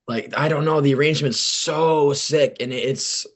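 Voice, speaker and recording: A man's voice: a little high, fairly even intonation, moderate pace. A young man co-hosting a music podcast, chatting casually with enthusiasm and the odd swear word. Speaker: podcast co-host. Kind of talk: casual chat.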